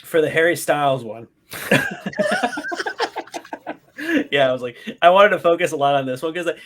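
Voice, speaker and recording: A man co-hosting a podcast, excitedly retelling his movie reactions in casual, swearing chat. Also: on the high side, quick pace, noisy background. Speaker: podcast co-host.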